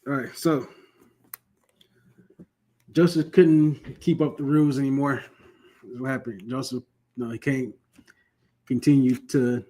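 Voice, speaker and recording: A husky-voiced man leads a Bible class at an ordinary middle pitch. He reads scripture slowly and deliberately, then slips into relaxed, slangy retelling full of asides. His voice now and then drifts away from the microphone. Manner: slow deliberate reading, then loose conversational retelling with slang. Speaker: Bible study teacher. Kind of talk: scripture reading and casual explanation.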